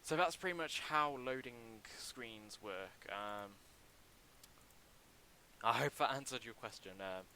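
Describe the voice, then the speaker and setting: Bright-voiced young man streaming, halting. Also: medium pitch, a little hiss or hum, poor audio. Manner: halting, many ums and restarts, chatty. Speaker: livestreamer building a game mod. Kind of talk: casual livestream commentary.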